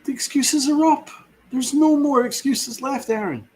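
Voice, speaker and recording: A man's voice: very high voice, a little slow, darkish tone. A man hosting a sports podcast, ranting with fiery sarcasm and heavy swearing. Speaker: podcast host.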